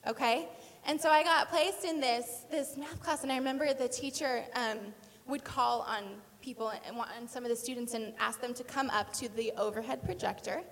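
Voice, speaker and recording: A woman's voice: high-pitched, steady tone, normal speed. A woman in her thirties giving a sermon, telling a personal story in a chatty, self-deprecating way. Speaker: speaker at church. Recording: hall reverb.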